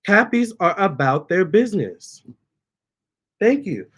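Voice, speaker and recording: A man's voice: high voice, sing-song, slow pace, fairly bright tone, husky. A man, a tarot reader, chatting casually on his livestream, reading viewer comments aloud and cooing at his cats. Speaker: tarot reader and channel host.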